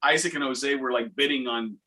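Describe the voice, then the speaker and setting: A man's voice: mid-range voice, brisk, sharp tone, rough recording. A man chatting on a casual live stream, rambling loosely with lots of filler words and swearing.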